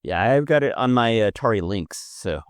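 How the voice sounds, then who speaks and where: Deadpan low-voiced podcast man. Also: moderate pace, smooth, dry recording. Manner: deadpan, dry humor. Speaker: podcast co-host. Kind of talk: casual podcast chat.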